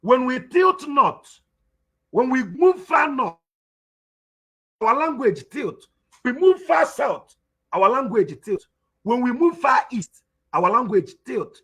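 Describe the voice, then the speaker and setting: Igbo-accented Nigerian man, teacher type, very high forceful voice, hammers his points home. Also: big pitch swings, slow pace, long pauses, husky. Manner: emphatic, repeats points, asks rhetorical questions. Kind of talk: spoken lecture.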